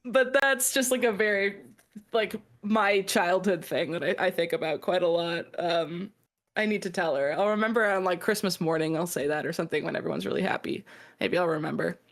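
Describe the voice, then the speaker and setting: A woman's voice: on the low side, a little fast. A woman hosting a podcast panel, telling stories in a chatty way and laughing often. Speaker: podcast host. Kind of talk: casual panel chat.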